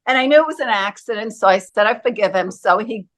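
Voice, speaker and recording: A woman's voice: on the high side, animated, quick pace, fairly bright tone. A woman as an interview guest, telling her personal story in an earnest, vivid way and acting out quoted voices.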